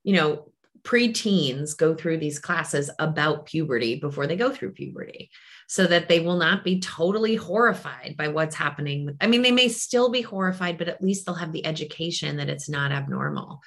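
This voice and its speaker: A woman's voice: sits low, expressive, moderate pace, a bit bright. A woman who works as a grief clinician and hosts a podcast, talking in an earnest, emphatic way and acting out the phrases people say. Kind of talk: casual conversation.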